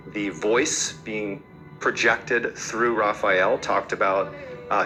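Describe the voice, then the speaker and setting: A man's voice: lowish voice, low-quality recording. A man hosting a podcast, telling a story casually and conversationally, with fillers and repeated words. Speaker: podcast host.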